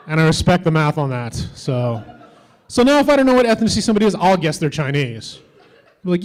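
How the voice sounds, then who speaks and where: Man from the Philippines, stand-up comic, slightly high voice, dry offhand delivery, loose with fillers. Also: very animated, fast, a little hiss or hum. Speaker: stand-up comedian. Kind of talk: stand-up comedy set. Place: convention stage before a crowd.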